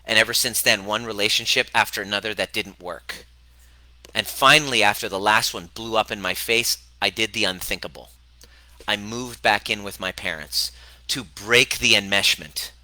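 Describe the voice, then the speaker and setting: This forties-aged coach and host delivers his self-help pep talk bluntly, cursing liberally, his pitch swooping for emphasis. He talks at a normal speed in a pushed, bright voice, recorded roughly and without echo.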